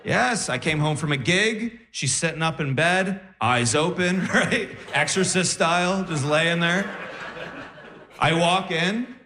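A man performing a stand-up comedy routine, telling a story with animated delivery and acted-out voices. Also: fairly high pitch, slow, a little hiss or hum. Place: comedy stage with live audience. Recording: echoey live venue.

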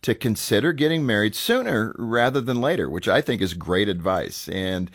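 A man's voice: on the low side, sing-song, moderate pace, no room sound, clean studio sound. A man hosting a radio show, chatting casually with small hesitations.

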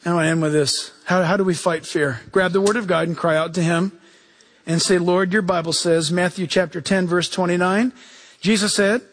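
A male pastor preaching a lively sermon, acting out quoted voices and chuckling as he goes. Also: high-pitched, normal speed.

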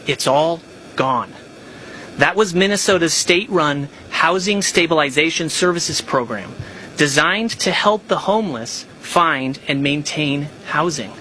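Bright-voiced official at a press conference. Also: male voice, fairly high pitch, a little hiss or hum, low-quality recording. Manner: measured, emphatic official delivery. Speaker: government official. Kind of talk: formal press conference statement.

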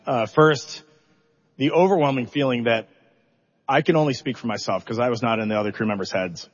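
A middle-aged man, a mission commander, telling an animated, self-deprecating story at a press conference. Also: mid-range voice, a little fast. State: emotional, holding back tears. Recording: dull recording in a reverberant hall.

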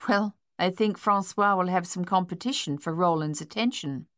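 Army captain voiced by a woman, gentle, reassuring, storybook, dry recording. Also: fairly low pitch, normal speed, dry recording, natural voice. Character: kindly American army captain, middle-aged man.

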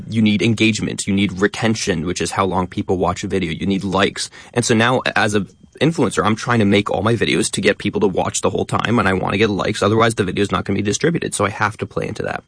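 A man talking quickly as a guest in a radio interview, stressing many of his words. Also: fairly low pitch, fairly bright tone, no echo. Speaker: guest, educational content creator.

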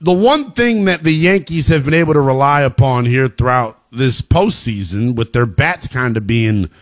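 A man hosting a sports talk radio show, delivering an emphatic monologue that rises to shouting at its peaks. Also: mid-range voice, lively intonation, normal speed.

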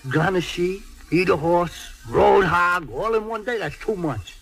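A man's voice: sits high, expressive, a little slow, vocal fry, fairly bright tone, full character voice. An actor playing an emotional truck driver man who stammers and pleads. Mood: confiding. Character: tearful hot-tempered Italian-American truck driver man. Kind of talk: stage or film drama acting.

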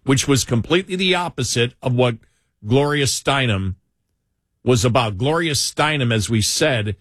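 A man's voice: mid-range voice, moderate pace, a bit bright, dry recording, clean studio sound. A man co-hosting a talk show, talking in an emphatic, opinionated way and repeating himself for effect. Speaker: co-host.

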